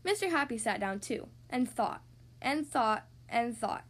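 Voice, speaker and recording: A woman hosting a podcast who reads picture books aloud to young children, with gentle, expressive storytelling. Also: a little high, unhurried. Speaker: podcast host reading to kids.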